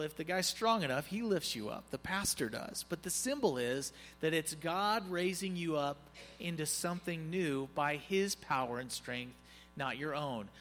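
A man preaching in a relaxed, conversational way, tossing joking asides to his congregation. His voice sits a bit high for a man. It rings with a long hall reverb over faint background music. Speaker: pastor. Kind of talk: conversational sermon.

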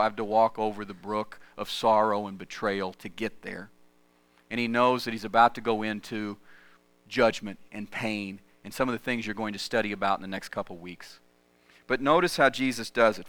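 A middle-aged man delivers a sermon in a chatty, storytelling way. His voice is bright and smooth, recorded close and dry with no room sound. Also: fairly low pitch, dry recording. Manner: conversational, lively storytelling. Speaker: pastor. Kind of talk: sermon with personal stories.

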